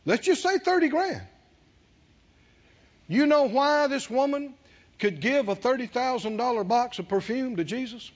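Man, preacher, very high voice, husky, animated sermon, dull lo-fi recording. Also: measured pace, long pauses. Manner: animated, calls out to the congregation, laughs while telling. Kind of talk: sermon with storytelling.

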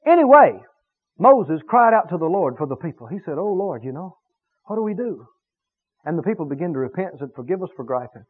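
A man preaching a sermon, emphatic and animated, stretching key words for effect. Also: sits high, a little fast, slightly rough. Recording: tinny phone-like radio broadcast.

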